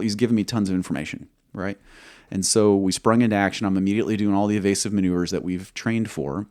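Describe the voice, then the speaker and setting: A man who served as a military pilot, telling a combat story in an interview, measured and halting, acting out quoted dialogue. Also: on the low side, darkish tone, no room sound, studio quality.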